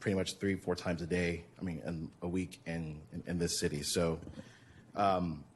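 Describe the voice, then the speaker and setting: A man speaking as a music commissioner during public comment at a board meeting, polite and measured, with frequent hesitations. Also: low-pitched, little pitch movement, slight background noise.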